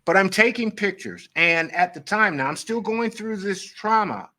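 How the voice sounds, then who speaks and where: A middle-aged man, a photographer guest on an interview podcast, telling his story in an animated way and acting out the dialogue. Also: high voice, normal speed. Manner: animated, acts out quoted dialogue.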